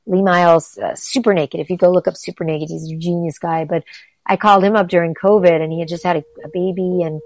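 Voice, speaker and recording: A woman's voice: on the low side, fairly even intonation, fast talker, darkish tone, dry recording. A woman from Los Angeles chatting as an interview guest, enthusiastic and rambling, with lots of "like" and restarts. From Los Angeles, USA. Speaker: guest, actress and singer. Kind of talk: casual interview chat.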